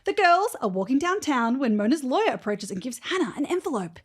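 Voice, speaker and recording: Brief: young woman podcast co-host, higher voice, very lively pitch, playful recap reader with whispery asides. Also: a little fast, husky. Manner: playful, laughs often, slips into whispers while reading. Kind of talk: casual chat, reading an episode recap.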